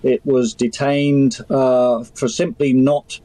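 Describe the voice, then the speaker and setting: A man's voice: medium pitch, little pitch movement, slow, warm tone, no room sound, low-quality recording. A man speaking as a fishing industry representative in a live TV interview, hesitant and restarting often.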